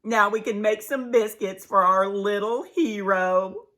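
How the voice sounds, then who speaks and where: A woman's voice: mid-range voice, measured pace, pushed and bright. A woman voicing a doting mother possum in a storybook reading, gushing with endearments. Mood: overjoyed.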